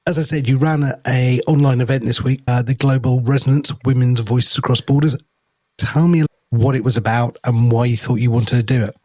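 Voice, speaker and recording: A man's voice: medium pitch, steady tone, fairly quick, dark tone, no echo. A man co-hosting and interviewing, jokey and loose, with ums and laughs. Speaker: podcast co-host. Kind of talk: casual chat and interviewing.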